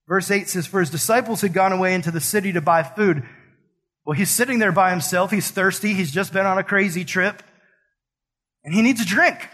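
Husky, high-voiced preaching man. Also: a little fast, a bit bright. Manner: earnest, conversational preaching with casual slang. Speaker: pastor. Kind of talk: sermon.

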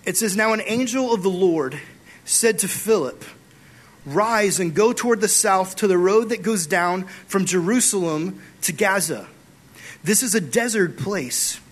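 A young man preaching a casual youth group sermon, animated and acting out conversations with God as he retells a Bible story. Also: sits high, unhurried. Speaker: youth pastor.

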